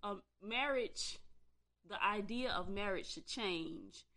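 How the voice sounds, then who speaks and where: A woman's voice: mid-range voice, animated, slow, pushed and bright. A woman ranting bluntly and profanely in a casual commentary, exasperated and swearing freely.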